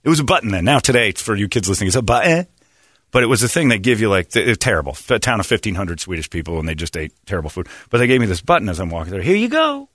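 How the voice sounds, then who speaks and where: Middle-aged male host, rambling crude storyteller, low voice that swings widely, dry close sound. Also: expressive, very fast, fairly bright tone, no echo. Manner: rambling, jokey, crude anecdotes. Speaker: podcast host. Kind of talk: casual storytelling chat.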